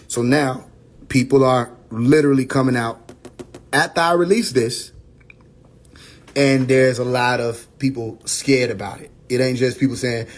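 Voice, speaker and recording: Profane, rambling man on a phone livestream. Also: medium pitch. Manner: loose, rambling, profane, with quick asides and laughs. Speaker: livestream host. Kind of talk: casual livestream talk.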